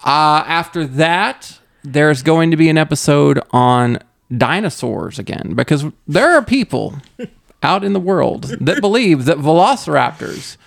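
A man co-hosting a casual podcast, his voice rough and gravelly. He swings widely up and down in pitch as he jokes and rants, laughing into his sentences. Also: expressive, a little slow. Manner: joking, ranting, laughs mid-sentence. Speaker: podcast co-host.

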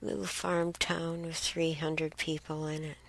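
A woman hosting a show, telling childhood stories casually, chatty and unhurried with restarts and fillers. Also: low voice, flat delivery, creaky. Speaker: host. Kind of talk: casual storytelling.

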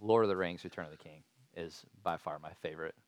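A man's voice: deep voice, fast talker, no room sound. A man who is a pastor, speaking in a friendly, easygoing way as a podcast guest. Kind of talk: casual podcast interview.

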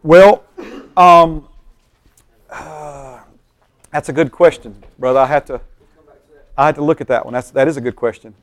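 High-voiced, animated pastor teaching. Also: male voice, measured pace, long pauses, no room sound. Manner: animated, keeps checking in with the class. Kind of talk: Bible study teaching.

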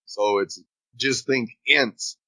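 A man's voice: mid-range voice, slow pace, pushed and bright, dry recording, poor audio. A man co-hosting a podcast, chatting casually and filling in details about a TV episode. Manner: laid-back, fills in show details. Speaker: podcast co-host. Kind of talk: casual TV recap chat.

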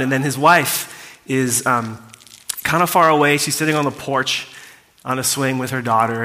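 A pastor's mid-range voice comes across fairly quick, pushed, and bright. He casually relates a story to his congregation in a church hall full of reverb, adding fillers and asides to the audience.

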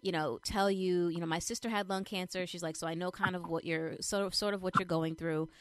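A young adult woman chatting casually as she shares a personal update, retelling things in an animated way with lots of fillers. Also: lowish voice, fairly quick, no room sound. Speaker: vlogger sharing a personal update. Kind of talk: casual chat.

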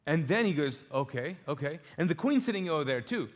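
Animated male pastor in reverberant church. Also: fairly high pitch, a little fast. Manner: animated storyteller acting out scripture dialogue with humor; frequent word repeats and restarts. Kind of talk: conversational live sermon. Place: church auditorium before a live congregation. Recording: long reverb of a church hall.

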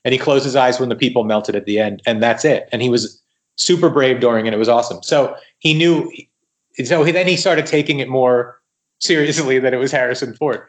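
A man guesting on a podcast tells stories in a casual, lively way. He acts out the quoted dialogue and often restarts a sentence mid-thought. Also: medium pitch, brisk. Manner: animated retelling with quoted dialogue and frequent restarts. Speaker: guest writer. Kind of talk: casual storytelling in a podcast interview.

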